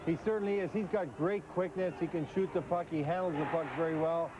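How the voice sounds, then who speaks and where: A man's voice: fairly high pitch, fairly even intonation, brisk, noisy background. Earnest hockey executive analyzing players, man. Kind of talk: TV studio analysis.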